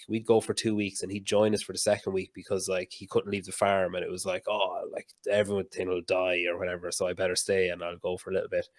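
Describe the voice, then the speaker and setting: A man's voice: on the low side, no echo, clean studio sound. A man hosting a podcast, chatting casually and telling rambling, laugh-filled stories with the odd swear word. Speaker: podcast host. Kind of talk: casual chat.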